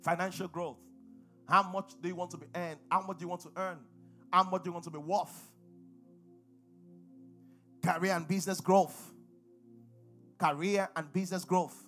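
High-voiced Nigerian pastor preaching. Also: male voice, fairly even intonation, normal speed, pauses often, fairly bright tone, faint music behind. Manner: preaching, call-and-response with congregation. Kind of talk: sermon.

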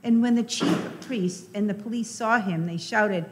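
A woman lector giving a measured, deliberate scripture reading. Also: medium pitch, a bit bright. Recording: reverberant church hall.

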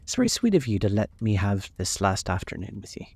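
A man's voice: lowish voice, huge pitch swings, fairly quick, a little mellow, husky, no room sound, exaggerated voice. A man voicing a dreamy, adoring young woman who speaks eagerly and pleads. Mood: delighted.

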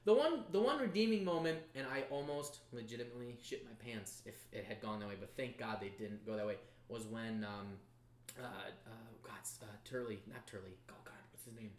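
A man co-hosting a casual podcast chat, animated and profane, often jumping into mocking impressions. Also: mid-range voice, a little fast, a little hiss or hum. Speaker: podcast co-host. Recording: echoey room.

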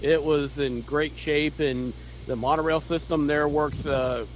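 A man's voice: fairly high pitch, fairly even intonation, measured pace. A man co-hosting a podcast in casual chat, blunt and matter-of-fact. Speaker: podcast co-host. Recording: dull lo-fi line with faint noise.

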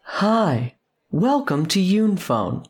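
A man voicing a bright, cheery male commercial announcer in a tabletop game, loud and slow. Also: big pitch swings, husky, full character voice. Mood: chirpy. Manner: slow, loud and chirpy sales pitch.

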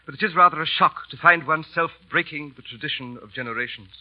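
An actor playing a stiff, deferential valet in 1940s radio drama, prim and forever saying sir. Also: male voice, fairly high pitch, quick pace, lightly acted. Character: stiff, formal English gentleman's valet. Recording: muffled old radio broadcast.

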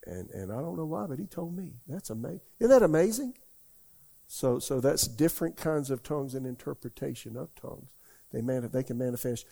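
An older male pastor preaches in a loose, conversational way, with a gravelly edge and a dark, mellow tone. He rambles a little and keeps asking his congregation questions. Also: a little high, lively intonation, fairly quick. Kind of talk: conversational sermon. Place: church.

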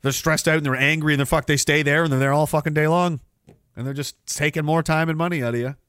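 A man hosts a podcast and rants about politics, swearing freely and dripping with sarcasm. His voice sits on the higher side for a man, and he rambles from point to point. The sound is close and dry, with no room around it. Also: fairly even intonation, quick pace, a bit bright, smooth, dry recording. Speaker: podcast host. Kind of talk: ranting political commentary. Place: Canada.

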